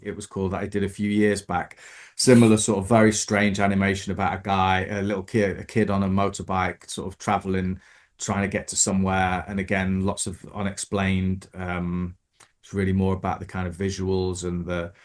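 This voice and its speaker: A man co-hosting a casual film podcast, relaxed and hesitant with many fillers. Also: low-pitched, normal speed. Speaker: podcast co-host.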